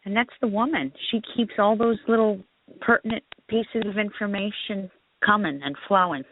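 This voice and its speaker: A woman host chatting in a gushing, easygoing way with her guest. Her voice is mid-pitched and comes through a tinny phone line with a faint hiss. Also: normal speed. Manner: gushing, chatty, warm-hearted asides. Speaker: radio show host. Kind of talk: casual phone interview chat.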